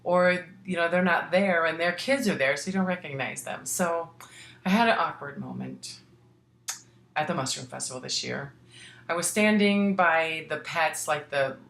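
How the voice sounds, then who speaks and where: A woman's voice: sits low, a bit bright. A middle-aged woman from Missouri hosting a crafting podcast, chatting casually and rambling with frequent restarts. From Missouri, United States. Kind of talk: casual chat. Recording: echoey room.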